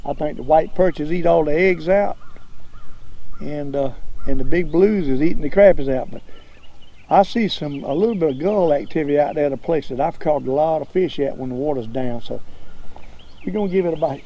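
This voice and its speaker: An older man with a Southern accent, hosting a fishing show outdoors on a lake, talking in a folksy, drawling way and getting excited over each catch. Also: on the high side, moderate pace, dull audio. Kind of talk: casual fishing commentary.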